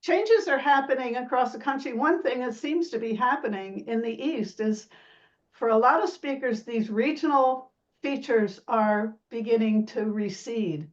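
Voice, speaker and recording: A woman's voice: on the high side, measured pace, distant mic. Woman academic guest, explanatory, demonstrates sounds; dull lo-fi line. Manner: imitates vowel sounds, laughs lightly. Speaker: sociolinguist guest. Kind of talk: explanatory interview talk.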